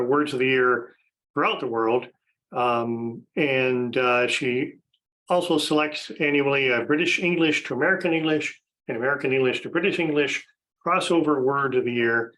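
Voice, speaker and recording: A man's voice: mid-range voice, moderate pace, fairly bright tone, low-quality recording. A man hosting a podcast, casually introducing a panel of guests, chatty with frequent fillers and restarts. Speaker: podcast host.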